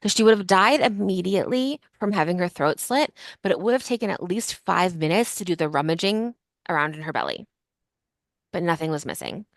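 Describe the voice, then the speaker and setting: A woman's voice: lowish voice, lively intonation, brisk, no echo, studio quality. A woman hosting a casual history podcast, telling a story in a chatty way full of fillers like "like" and "um". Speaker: podcast host.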